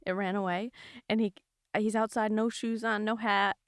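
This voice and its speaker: A woman's voice: mid-range voice, little pitch movement, normal speed, clear, resonant tone, no echo, clean studio sound. A woman hosting a podcast, telling anecdotes in a casual, laughing way. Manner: laughs through her anecdotes. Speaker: podcast host.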